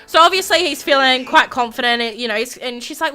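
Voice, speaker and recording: A woman's voice: high voice, animated, quick pace, pushed and bright. A woman hosting a gaming video, narrating gameplay in casual chatty commentary with plenty of fillers.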